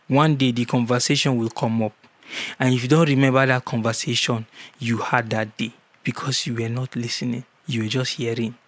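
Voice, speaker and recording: A man's voice: medium pitch, no echo. A man giving earnest marriage advice in a casual vlog, repeating key words for emphasis.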